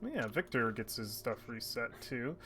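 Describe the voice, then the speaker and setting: A man's voice: medium pitch, sing-song, unhurried, bright, forceful tone, soft background music. Hesitant male game master, many ums. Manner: hesitant, many ums while checking notes. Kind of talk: running a tabletop game over voice chat.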